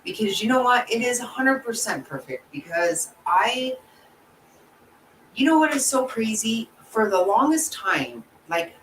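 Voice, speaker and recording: In a casual vlog, a woman channel host talks to her viewers and reads their comments, blunt, swearing freely, and launching into emotional rants. Her voice sits on the high side, sing-song and at a measured pace. She's distant from the mic in a roomy echo with faint background noise.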